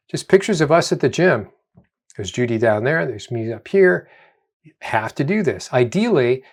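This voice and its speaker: A middle-aged man, a doctor, giving a spoken health lecture, emphatic and repeating key phrases for stress. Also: fairly high pitch. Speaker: doctor presenting a health video.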